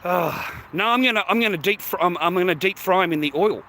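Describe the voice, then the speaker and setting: This is a fast-talking middle-aged Australian man with a high, bright, forceful voice, filming a casual walking vlog outdoors. He swears, calls his audience mate and bro, and sounds short of breath from carrying a heavy bag, with faint traffic audible nearby.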